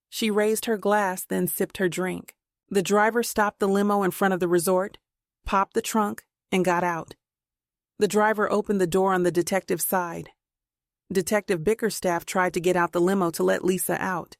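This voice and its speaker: A woman narrating a suspense thriller audiobook in a steady, measured reading. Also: mid-range voice, no echo, clean studio sound.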